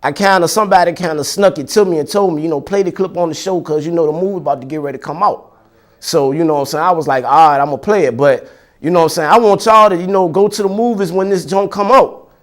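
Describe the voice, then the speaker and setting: High-voiced male host; casual, rambling address to viewers. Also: quick pace. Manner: loose, rambling, frequent "you know".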